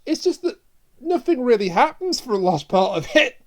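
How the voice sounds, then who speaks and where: A podcast host talking casually with a co-host. The voice sits at a middling pitch. Speech is jokey and tumbles out with restarts and stumbles. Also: sing-song, normal speed. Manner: jokey, laughs a lot, trips over words.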